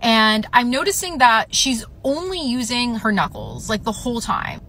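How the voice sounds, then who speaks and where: A woman's voice: fairly high pitch, big pitch swings, normal speed, bright, forceful tone, a little hiss or hum. A young woman telling an upsetting personal story in a casual storytime vlog, full of "like" fillers.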